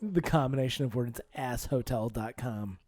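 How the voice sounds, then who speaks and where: A man's voice: mid-range voice, normal speed, a little mellow. A man co-hosting a podcast in casual chat. He tells stories and acts out his own reactions. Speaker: podcast co-host.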